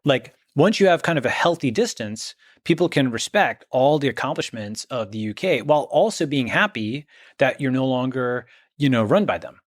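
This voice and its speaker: A man's voice: medium pitch, expressive, normal speed, no room sound. Emphatic man, dry close sound. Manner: emphatic, checks in with "okay?" and "right?". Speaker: guest. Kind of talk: conversational interview.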